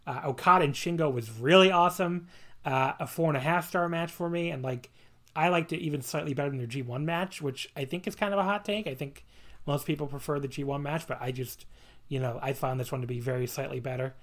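Laughing and swearing through an enthusiastic, rambling conversation, a man hosts a casual podcast. His voice is fairly high, a little fast, and a bit bright.

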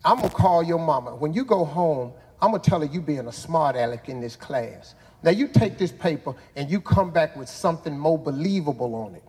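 A man's voice: on the high side, expressive, fairly quick, hardly any pauses, a little mellow, slightly rough, long reverb tail. A man quoting a stern schoolteacher. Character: stern woman schoolteacher scolding a boy.

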